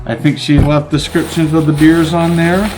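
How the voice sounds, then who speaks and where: A middle-aged man filming a casual unboxing vlog, exclaiming with excitement as he opens a gift box. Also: fairly high pitch, moderate pace, faint music behind. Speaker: vlogger.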